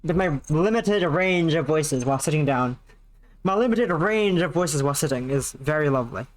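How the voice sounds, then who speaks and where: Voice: medium pitch, lively intonation, normal speed, a little hiss or hum. A streamer talking off the cuff at home, seated at a laptop, rambling and self-mocking with swearing sprinkled through. The talk wanders from thought to thought between bits of play. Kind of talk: casual livestream chat while playing.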